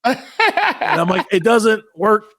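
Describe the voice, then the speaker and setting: In a dry, studio-quality recording, a podcast co-host who is a middle-aged father tells a funny story at a moderate pace with a fairly high voice. He swears freely and voices the people involved as he goes.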